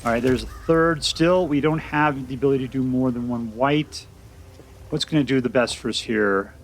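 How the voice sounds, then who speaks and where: A man giving casual, chatty commentary on a card game he is playing, thinking out loud with restarts and bursts of excitement. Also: medium pitch, moderate pace, slight background noise. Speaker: game streamer. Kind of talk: casual gameplay commentary and deck review.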